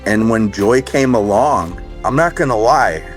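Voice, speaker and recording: A man in his thirties from Minnesota speaks with a low, grounded voice, telling his story in earnest, halting phrases full of "you know" and "like". He talks casually, as a guest in an interview. Soft music plays faintly underneath. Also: animated. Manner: earnest, halting, many fillers and restarts. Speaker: guest sharing recovery story.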